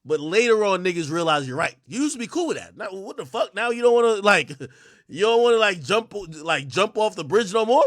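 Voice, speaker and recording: Male streamer host, bright high voice swinging wildly, loud profane rants to chat, dry close sound. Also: moderate pace, no room sound. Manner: loud, excitable, shouts and laughs often; profane, addresses chat directly. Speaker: livestream host. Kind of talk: casual livestream rant.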